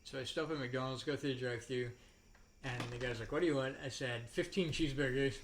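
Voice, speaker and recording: A man's voice: mid-range voice, fairly even intonation, quick pace. A man hosting a casual chat with friends at home, rambling through funny stories and acting out the voices of people in them. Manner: rambling, laughing, acts out quoted voices. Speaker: podcast host. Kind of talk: casual storytelling among friends. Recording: noisy home recording.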